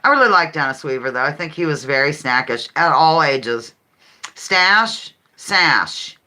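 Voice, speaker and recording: A woman hosts a casual live-stream game show and chats easily with her viewers. She reads their answers aloud and giggles often. Her voice is bright and swings freely up and down. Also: deep voice, expressive, measured pace. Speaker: livestream host.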